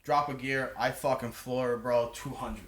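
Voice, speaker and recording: A man's voice: medium pitch, steady tone, normal speed, a bit bright, slight background noise. A man telling a rambling, profane story as a podcast guest, restarting his sentences often. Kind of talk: casual storytelling. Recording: roomy echo.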